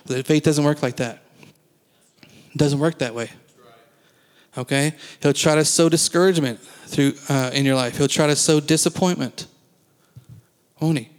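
A man preaching a sermon as pastor, talking conversationally and asking the congregation questions in a church sanctuary. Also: fairly high pitch. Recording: long reverb of a church hall.

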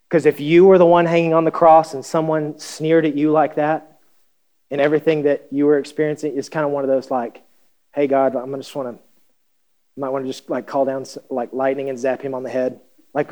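A pastor preaching a conversational sermon, reading scripture and asking the congregation questions with wry humor. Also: male voice, fairly high pitch.

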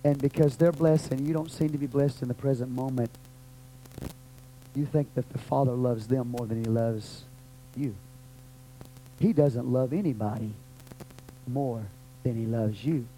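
Fervent Texan pastor preaching. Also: male voice, unhurried, pauses often, a little hiss or hum, rough recording. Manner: fervent, swings from loud cries to low murmurs. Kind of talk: sermon with prayer.

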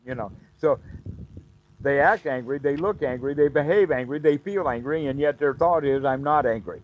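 Man, meditation teacher, slightly high voice, explanatory, acts out inner self-talk, muffled call audio. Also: moderate pace, slight background noise.

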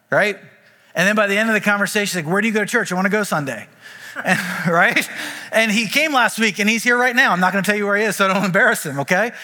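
A man preaching a sermon as pastor, telling stories in a conversational way with quick asides. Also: high-pitched, pushed and bright, big-room sound. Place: church auditorium.

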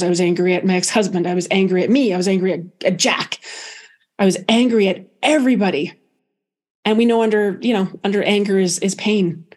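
A middle-aged woman, a guest on a podcast, telling a personal story in an animated, expressive way with many restarts. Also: mid-range voice.

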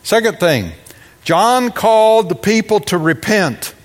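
A man's voice: high voice, expressive, takes it slowly. Brief: male pastor, slightly raised voice, preaching with punchy emphasis and wry jokes, long hall reverb. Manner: preaching with dramatic emphasis and humorous asides. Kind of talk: sermon.

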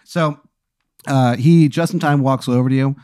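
A man's voice: mid-range voice, fairly even intonation, moderate pace, dark tone, no room sound, studio quality. Rambling man spinning a comic hypothetical. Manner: rambling, full of fillers and restarts. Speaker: podcast host posing a hypothetical. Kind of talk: improvised comedic storytelling.

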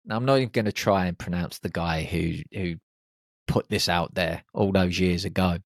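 Deep-voiced and speaking at normal speed, a man hosts a podcast with a motivational monologue. He talks listeners through confidence, encouraging and upbeat, adding jokey asides. The studio-quality recording has no echo.

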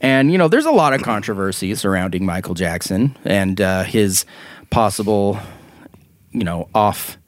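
A young adult man hosting a casual podcast chat, rambling and halting, with many fillers and quick laughs. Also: fairly low pitch, expressive, dry recording. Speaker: podcast host.

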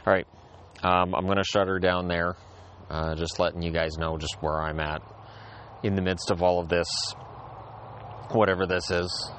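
A man's voice: deep voice, little pitch movement, normal speed, long pauses, fairly bright tone, slight background noise. A man hosting a casual solo show, rambling in an easygoing way, repeating phrases and restarting his sentences. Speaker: podcast host. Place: outdoors in a backyard.

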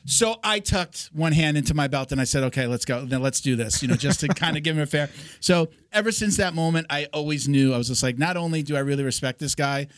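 A man's voice: on the high side, fast talker, a bit bright, smooth, no echo. A man hosting a podcast, talking loosely and casually with plenty of fillers into a close mic. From South Florida. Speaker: podcast host.

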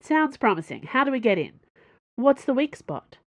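A woman's voice: on the high side, sing-song, moderate pace, no room sound, voice pushed up. A woman voicing an anxious, worried young female cadet in a storybook reading. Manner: anxious, exasperated.

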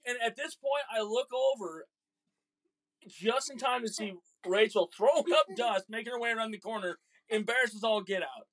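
Father host, casual and animated, loves a comic anecdote. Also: sits high, normal speed. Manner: animated, jokey, acts out voices in stories. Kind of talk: casual storytelling chat.

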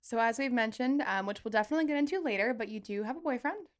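A woman co-hosting a podcast, interviewing a guest in casual chat with quick follow-up questions. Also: on the high side, expressive. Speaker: podcast co-host.

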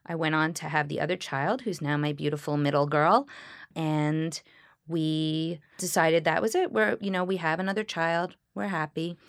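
A woman, a Reformed Jewish clergy member, speaking in a reflective interview with a smile in her voice and earnest, halting storytelling. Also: low voice, fairly even intonation, dry recording, clean studio sound. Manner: smiling, earnest storytelling with frequent pauses and restarts. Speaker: Reformed Jewish clergy leading healing services.

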